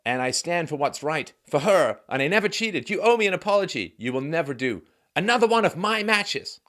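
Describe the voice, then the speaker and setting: A man's voice: medium pitch, big pitch swings, moderate pace, fairly bright tone, pitched above the performer's own voice. A man impersonating an indignant woman athlete who demands an apology, in an insistent, repetitive voice. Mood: furious. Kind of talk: impression within commentary.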